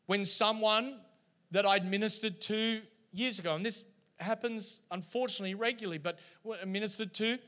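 A middle-aged man delivering a sermon, his voice high and bright. He tells stories with lively, animated energy. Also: moderate pace. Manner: animated storytelling preacher. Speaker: pastor.

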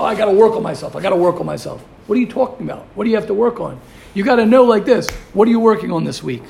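A man's voice: high-pitched, darkish tone. A man teaching a Torah class, asking rhetorical questions and mixing in Hebrew and Yiddish terms. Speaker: yeshiva teacher.

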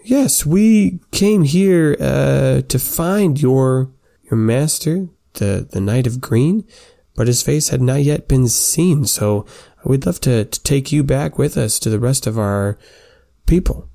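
A man playing a male centaur who answers in slow, measured rhymes. His voice is dark and mellow, and he speaks with unhurried dignity, like a tabletop game character. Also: mid-range voice, lively intonation, gravelly, no echo, clean studio sound, pitched above the performer's own voice. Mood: welcoming. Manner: slow, measured rhyming speech.

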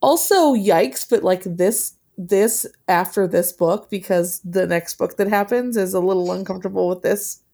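A woman co-hosting a podcast in casual chat, animated and exasperated, swearing freely. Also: mid-range voice, normal speed, vocal fry, hardly any pauses. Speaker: podcast co-host.

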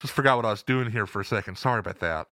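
A man's voice: fairly low pitch, racing, bright, forceful tone, no room sound, studio quality. A man from Beaumont, Texas with an East Texas accent, chatting casually and joking over a remote call. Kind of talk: casual podcast chat. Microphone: headphones on a remote call.

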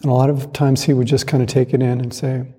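A man giving a calm, reflective dharma talk as a Zen monastic teacher, speaking in a measured way with pauses. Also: mid-range voice, husky. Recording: long hall reverb.

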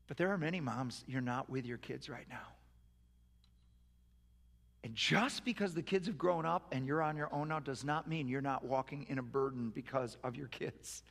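A man leading a sermon's closing prayer, moving from hushed, tender prayer to loud, forceful proclamation. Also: medium pitch, moderate pace, gravelly, long reverb tail. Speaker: pastor. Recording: live sermon with music behind. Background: soft worship music.

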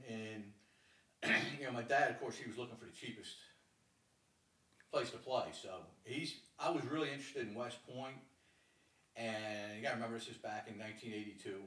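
A middle-aged man from Maryland, a lacrosse coach, telling a story in a casual, animated way and acting out the voices of people in it. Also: medium pitch, moderate pace, far from the mic. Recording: roomy sound from off the mic.

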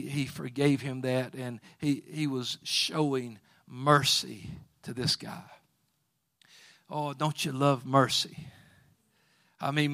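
A man preaching a sermon, building to loud, half-sung passages and repeating his words. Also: a little high, dry recording.

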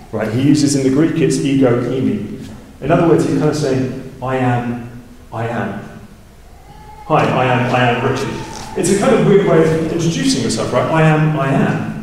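A man's voice: darkish tone, a little hiss or hum. Guy preaching a sermon in a church hall, chatty, keeps saying right?, lots of long echo, mic kinda far off. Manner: explains scripture conversationally, asking "right?" often; rises in pitch and volume for emphasis.

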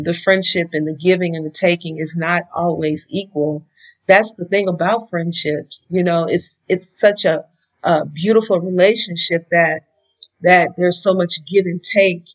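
A woman's voice: fairly low pitch, poor audio. A woman giving friendship advice in a casual, conversational way, often saying "you know".

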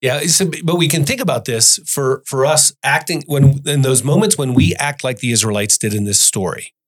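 A man hosting a faith podcast, talking through Bible passages in an earnest way and reading verses aloud slowly. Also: medium pitch. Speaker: podcast host. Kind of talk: Bible study discussion.

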